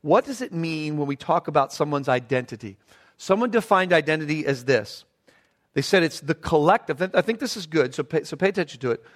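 High-voiced man preaching a sermon. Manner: earnest preaching, slows and softens in prayer. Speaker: pastor. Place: church sanctuary.

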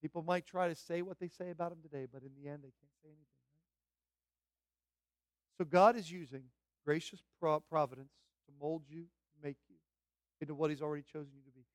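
A man preaching a sermon as pastor, fervent and emphatic, building to loud repeated declarations. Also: on the high side, fairly even intonation, a little fast, long pauses, smooth, no echo, studio quality.

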